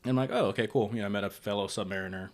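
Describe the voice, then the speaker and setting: A young man chats casually as a podcast host. His voice sits a little low, and he tells his story with energy, acting out each side of the conversation. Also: racing. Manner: animated storyteller, acts out both sides of dialogue. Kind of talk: casual chat.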